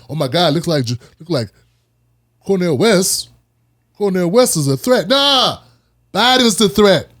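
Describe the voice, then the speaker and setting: A man with a fairly high voice hosts his own commentary show, speaking in an animated, preachy way. He hammers points home by repeating short phrases. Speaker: host. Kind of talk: casual political commentary.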